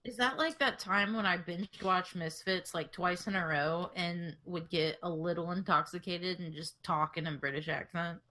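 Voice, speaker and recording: A woman's voice: fairly low pitch, normal speed, hardly any pauses, pushed and bright. A young adult woman co-hosting a podcast at a desk microphone, rambling and laughing as she steers the talk. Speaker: podcast co-host. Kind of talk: casual chat.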